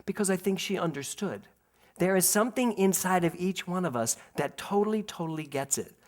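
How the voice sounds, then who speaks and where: A man's voice: sits high, fairly quick. A middle-aged man from Philadelphia, preaching a sermon to his congregation and acting out a family story. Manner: animated storyteller, laughs and acts out voices, speaks to the congregation. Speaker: minister. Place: spiritual center sanctuary.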